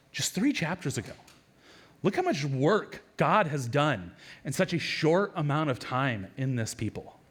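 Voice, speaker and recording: A man, a lead pastor, preaching a sermon in a conversational, animated way with quick asides and repeated words. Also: fairly high pitch.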